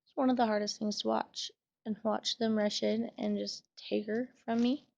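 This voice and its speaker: Tearful young woman with a gravelly voice. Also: on the high side, level tone, moderate pace, a little mellow. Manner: emotional, trying to hold back tears; casual, swears often, many fillers. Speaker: vlogger. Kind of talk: personal storytelling vlog.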